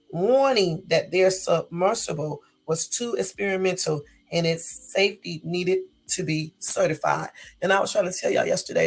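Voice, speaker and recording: A woman with a gravelly morning voice, casually reading news aloud and commenting, correcting herself as she goes. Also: on the low side. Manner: reads aloud with self-corrections and asides.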